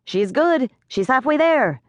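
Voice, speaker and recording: Pixie, male, fussy and whiny, high pitched; woman reader doing the voice. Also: lively intonation, unhurried, no echo, dull audio. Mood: urgent. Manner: whiny, complaining.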